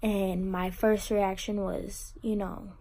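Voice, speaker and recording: A teenage girl telling an emotional personal story to camera, halting and on the verge of tears, with many fillers and restarts. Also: medium pitch, level tone, mellow. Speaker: vlogger.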